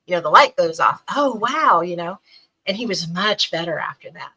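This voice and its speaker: Bright-voiced middle-aged woman telling a story. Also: lowish voice, fairly quick, husky, low-quality recording. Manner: animated storyteller acting out quoted voices. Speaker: guest. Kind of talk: storytelling in a podcast interview.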